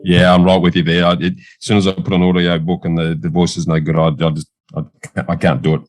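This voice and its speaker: Deep-voiced Australian host, dry sound. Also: male voice, level tone, fast, dry recording, faint music behind. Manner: friendly, agreeable, says "mate" often. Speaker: podcast host. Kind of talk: casual interview chat.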